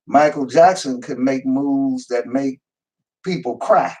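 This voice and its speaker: An older man speaks in a loose, unhurried storytelling manner. He often doubles back and repeats words as he builds toward his point. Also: medium pitch, dark tone, poor audio. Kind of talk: casual discussion.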